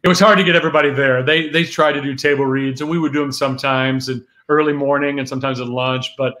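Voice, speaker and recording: A man speaking as a guest on a reunion show, relaxed and matter-of-fact. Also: medium pitch, quick pace. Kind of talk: casual chat.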